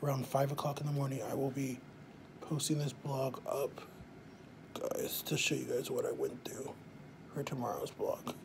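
A man's voice: medium pitch, little pitch movement, normal speed, vocal fry. Chatty male vlogger, noisy recording. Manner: chatty, addresses viewers directly. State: out of breath. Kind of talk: casual vlog to camera. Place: outside a hospital in early morning.

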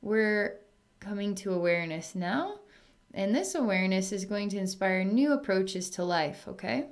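A woman's voice: mid-range voice, animated, normal speed. Young woman psychic doing a healing session, soothing and chatty, lots of ums and little laughs. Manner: soothing and chatty, with many fillers and soft laughs. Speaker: psychic healer. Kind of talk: spoken distance healing session.

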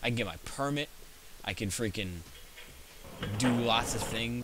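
A man's voice: lowish voice, normal speed, noisy background. A teenage boy hosting his own gaming video, joking and rambling through stories as he plays. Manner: goofy, joking, rambling storyteller. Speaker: gaming channel host. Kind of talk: gameplay commentary. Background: game music.

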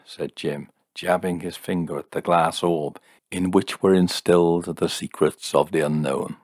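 A man narrating a short story in a measured, deliberate manner. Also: deep voice, steady tone, darkish tone, no room sound, clean studio sound. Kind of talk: audiobook narration.

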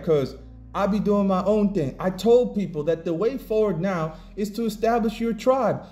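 A man with a slightly high, mellow voice tears into his critics in an angry commentary rant. He is combative and mocking, with faint music playing underneath. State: pissed off. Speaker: independent comic creator and commentator.

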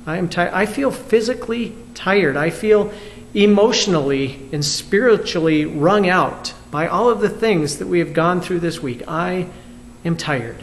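Male pastor, high voice, reflective video sermon, asks the viewers questions. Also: a little hiss or hum. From United States. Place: church.

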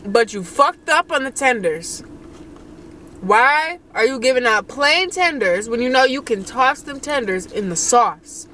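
A woman's voice: a little high, lively intonation, a little slow, sharp tone, a little hiss or hum. A young woman co-hosting a couple's mukbang vlog, talking bluntly and playfully about food from inside a car. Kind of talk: casual mukbang chat.

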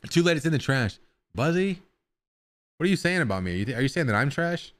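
Guy streamer rambling to chat, swears a bit, smooth clear voice. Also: a little high, very animated, fairly quick, fairly bright tone. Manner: rambling, chatty, swears casually. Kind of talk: casual live-stream chat.

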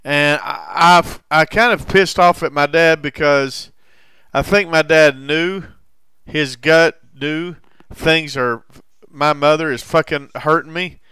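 Halting, bright-voiced man telling his story. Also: fairly high pitch, clear, resonant tone, dry recording. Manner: halting, frequent restarts and heavy swearing. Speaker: recovering alcoholic sharing his story. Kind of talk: personal storytelling monologue.

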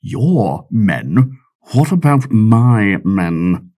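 A man's voice: on the low side, big pitch swings, drawn-out words, mellow, exaggerated voice. A man voicing a weary, dry navy captain in an audiobook, exasperated and lecturing. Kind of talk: audiobook character voice.

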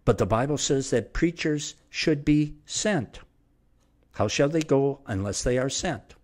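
A middle-aged man teaching the Bible verse by verse in a steady, mid-pitched voice. He preaches with emphatic repetition, pressing each point home. His delivery keeps the rolling cadence of a pulpit sermon. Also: unhurried.

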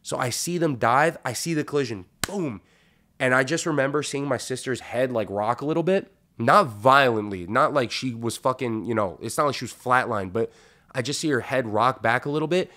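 A man hosting a podcast, telling a long story in a casual, profane, animated way and acting out what people said. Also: medium pitch, brisk. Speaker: podcast host.

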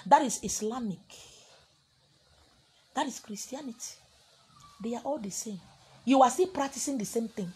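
A woman's voice: a little high, moderate pace, long pauses, dark tone, slightly rough. A woman with a Nigerian accent, preaching as a spiritual teacher in a scolding, confrontational way. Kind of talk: preaching to an audience.

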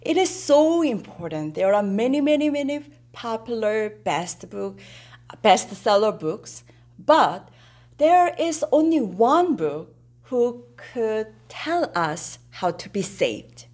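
A woman preaches to children at a slow, deliberate pace, her fairly high voice rising and falling widely. She repeats her main points for emphasis and keeps turning to the children with questions. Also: very animated, a little mellow. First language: Korean. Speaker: children's worship teacher. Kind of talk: children's sermon.

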